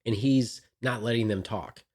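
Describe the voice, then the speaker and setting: Male podcast co-host, deep voice, blunt opinionated ranter. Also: a little slow, a little mellow, slight background noise. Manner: blunt, ranting, swears freely. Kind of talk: casual opinionated chat.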